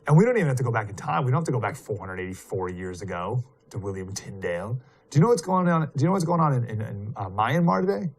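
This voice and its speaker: A man's voice: medium pitch, sing-song, fast. A man giving live political commentary in a casual, rambling way, full of fillers and rhetorical questions, sounding indignant and emphatic.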